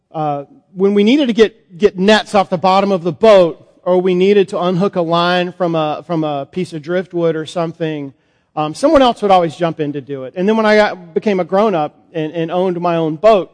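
A man's voice: sits high, darkish tone. Man telling a story in a reverberant church. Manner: storytelling, conversational, halting with fillers. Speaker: priest. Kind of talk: dramatic monologue as Peter in a sermon. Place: church sanctuary.

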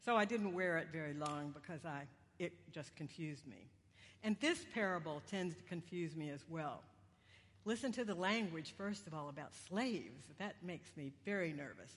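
A woman's voice: low-pitched, expressive, moderate pace. A woman preacher giving a sermon in a conversational, self-deprecating way, with wandering humorous asides. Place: church sanctuary. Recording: long church reverb.

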